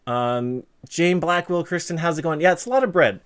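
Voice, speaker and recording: A man's voice: on the high side, moderate pace, smooth. A man hosting a casual livestream interview, reading chat messages and cracking dad jokes, with a stuffed-up nose. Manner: jokey, self-deprecating, punny.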